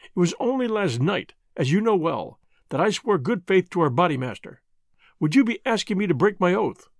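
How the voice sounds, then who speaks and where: A man's voice: high-pitched, very animated, moderate pace, no echo, clean studio sound. A man reading the part of a stern, cautious young newcomer to a secret lodge.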